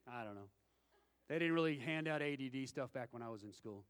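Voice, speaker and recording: A man's voice: medium pitch, expressive, a little fast, smooth. A man, preaching a sermon and telling folksy stories, acting out the voices of the people in them. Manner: folksy storytelling with acted-out quotes. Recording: long hall reverb.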